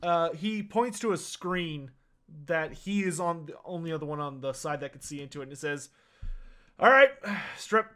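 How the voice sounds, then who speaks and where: A man's voice: on the high side, steady tone, normal speed. A man narrating as game master of a tabletop role-playing game, in a loose, rambling way with many fillers.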